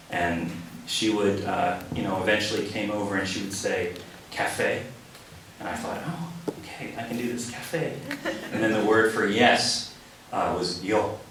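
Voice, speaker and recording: A man in his forties, a poet, giving a poetry reading in a cafe. He tells stories in a relaxed way and acts out the lines he quotes. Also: low-pitched, noisy background. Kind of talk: poetry reading with spoken anecdote. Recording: echoey room from a distant mic.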